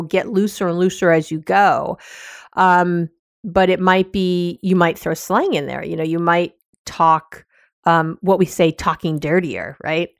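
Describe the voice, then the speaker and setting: A woman's voice: lowish voice, dry recording, clean studio sound. Frank, chatty woman podcast host. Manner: frank, chatty, with many fillers and restarts. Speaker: podcast host giving sex advice. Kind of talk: solo advice podcast talk.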